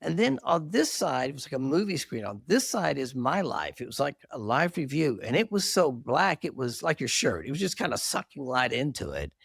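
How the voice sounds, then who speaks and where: A man's voice: medium pitch, moderate pace, gravelly, few pauses, breathy edge, no room sound. A middle-aged man, a marriage therapist, telling his story candidly and earnestly in an interview, with self-deprecating humor. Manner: animated, earnest testimony with self-deprecating laughs.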